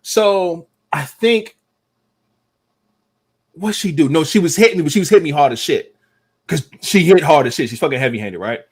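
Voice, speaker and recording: A young man hosting a podcast, telling a profane story in casual, animated talk. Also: fairly high pitch, moderate pace, pauses often, husky. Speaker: podcast host.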